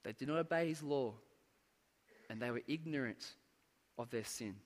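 A man preaching a sermon, earnest and measured, pressing words for emphasis and letting phrase endings fall away. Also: mid-range voice. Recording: long hall reverb.

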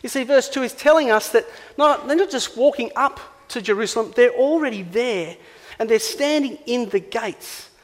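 An Australian man preaching a sermon, animated and playful, acting out little scenes. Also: very high voice, normal speed, in a large hall. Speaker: pastor.

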